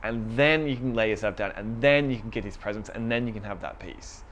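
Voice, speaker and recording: A man's voice: lowish voice, a little fast, fairly bright tone, a little hiss or hum. A young man giving a casual, conversational sermon to a small group, retelling a story with quoted voices.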